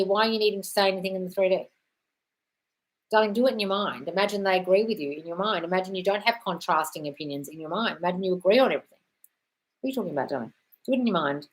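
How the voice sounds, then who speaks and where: A woman's voice: on the low side, poor audio. A woman hosting a live stream, reading out viewer questions and answering them in a breezy, chatty way, calling everyone darling. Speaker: host.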